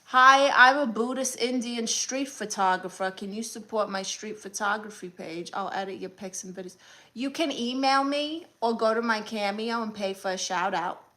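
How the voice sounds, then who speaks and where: A woman's voice: medium pitch, normal speed, pushed and bright. A woman with a Brooklyn accent, hosting a live stream and answering chat comments one by one with sassy, blunt comebacks. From Brooklyn, New York.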